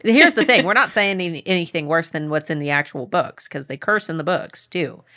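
A woman co-hosting a book podcast in a casual chat, lively and blunt, swearing casually. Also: low-pitched, fairly quick. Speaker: podcast co-host.

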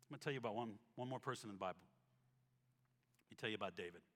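A man preaching a sermon as pastor, telling stories with acted-out quotes and dropping to a soft tone when reading scripture. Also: fairly low pitch, rapid-fire. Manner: animated storytelling, acts out quotes, drops to soft tones for scripture. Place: church sanctuary. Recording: reverberant hall with soft instrumental music.

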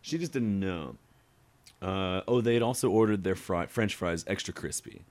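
As a guest on a casual beer podcast, a man with a low voice speaks at normal speed while chatting over beers. He's an animated storyteller, sharing restaurant stories and acting out customers.

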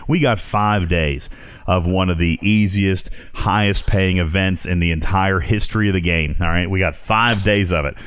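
Excitable low-voiced man hosting a podcast. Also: normal speed, clear, resonant tone, no echo. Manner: excitable, laughs often and restarts a lot. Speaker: podcast host. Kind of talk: casual chat about a mobile game.

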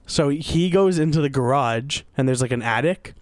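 A young man co-hosting a casual podcast, an animated storyteller who slows down for emphasis and swears freely. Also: medium pitch, no echo. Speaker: podcast co-host. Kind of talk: casual chat.

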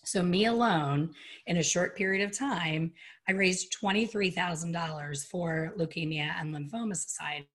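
A woman's voice: fairly low pitch, moderate pace. A middle-aged woman, an interview guest, telling a personal story with candor and acting out the voices she quotes. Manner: animated, candid, acts out quoted voices.

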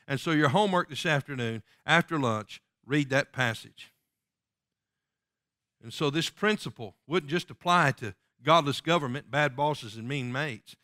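Forceful preaching man. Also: a little high, dry recording, studio quality. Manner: emphatic preaching, reads scripture slowly and solemnly. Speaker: pastor. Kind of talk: sermon.

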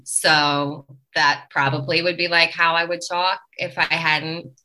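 A woman from Long Island speaks as a dialect coach in a podcast interview. Her voice sits a little low yet rings bright and forceful. She explains things in an animated, teacherly way. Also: a little slow, poor audio. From Long Island, New York.

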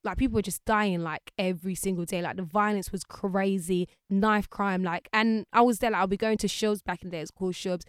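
A woman's voice: mid-range voice, fairly quick, few pauses, clear, resonant tone, no room sound, clean studio sound. A woman, a guest chatting casually in an interview and acting out the people she quotes. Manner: lively, acts out voices of people she quotes.

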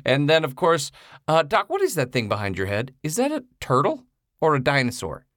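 A man co-hosting a podcast over a video call, talking in an excitable, rambling, joking way. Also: fairly high pitch, a little fast, dry recording, studio quality. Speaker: podcast co-host. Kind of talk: casual chat.

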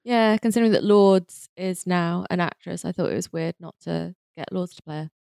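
A woman's voice: fairly low pitch, normal speed, vocal fry, dark tone, dry recording, studio quality. A woman co-hosting a casual chat about a sitcom, chatty and often restarting her sentences. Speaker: podcast co-host.

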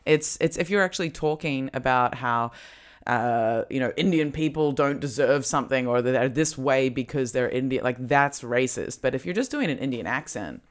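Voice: medium pitch, moderate pace. A podcast host chatting and joking with a guest, teasing and laughing often. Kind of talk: joking interview chat. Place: remote call.

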